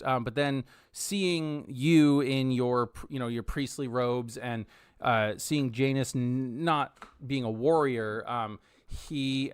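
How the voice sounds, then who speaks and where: Slow, crisp-voiced man narrating a game. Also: mid-range voice, no room sound, studio quality. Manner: halting, many ums and restarts. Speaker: game master.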